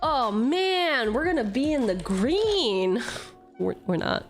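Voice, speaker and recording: A woman chats through a card pack opening. She swears freely and keeps up a sarcastic, animated running commentary. Faint music plays softly behind her. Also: a little high, takes it slowly. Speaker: vtuber opening card packs. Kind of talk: casual streaming chat.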